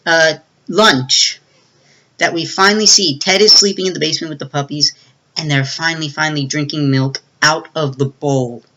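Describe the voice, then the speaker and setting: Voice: medium pitch, pushed and bright, low-quality recording. A movie reviewer giving a casual, rambling plot recap with many fillers and restarts.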